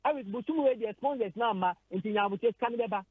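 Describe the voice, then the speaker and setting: A Ghanaian man speaks on a sports radio program in a dry studio. His husky voice sits high for a man. He stumbles, repeats himself and mixes Twi with English. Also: fast talker, darkish tone, no echo, poor audio. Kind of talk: emotional radio sports discussion.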